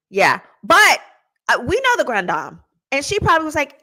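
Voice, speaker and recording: A woman attorney hosting a show, telling stories in a casual, slangy, animated way with laughing asides. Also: sits high, fast. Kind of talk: casual storytelling chat.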